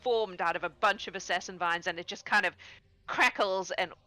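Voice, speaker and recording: A woman narrating as game master of a tabletop game, lively and quick to laugh. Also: on the low side. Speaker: dungeon master.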